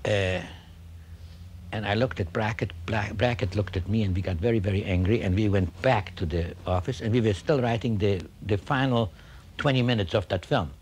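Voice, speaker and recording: An older man, a film director, telling stories in an interview in a halting, wry way, full of pauses and restarts. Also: on the low side, darkish tone, a little hiss or hum. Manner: wry storyteller. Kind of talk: reminiscing interview anecdote.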